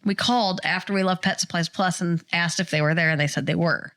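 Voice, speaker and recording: A woman's voice: fairly low pitch, brisk. A middle-aged woman on a podcast, casually telling a family story and acting out the voices she quotes. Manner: animated retelling, acts out quoted voices. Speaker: podcast co-host.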